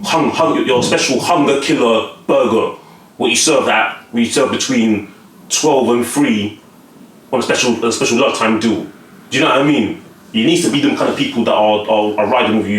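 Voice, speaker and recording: A man talks straight to the camera in a loose, conversational flow, circling back over his words and checking that you're with him. His voice has a middle pitch for a man. The room around him is echoey. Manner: conversational, often asks the listener whether they follow; repeats and restarts words while talking. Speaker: vlogger giving life advice. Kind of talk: casual motivational monologue to camera.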